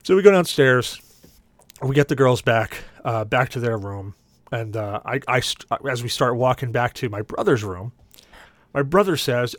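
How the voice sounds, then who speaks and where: A man's voice: medium pitch, moderate pace, no echo. A man on a podcast telling a long story in casual talk, acting out the voices of the people in it. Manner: animated, acts out quoted voices. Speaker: podcast co-host.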